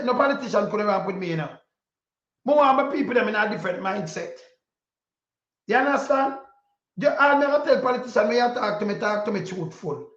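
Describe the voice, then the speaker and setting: A Jamaican man giving impassioned political commentary in patois, preachy and repetitive, sometimes breaking into a shout. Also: very high-pitched. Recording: roomy, dull lo-fi sound.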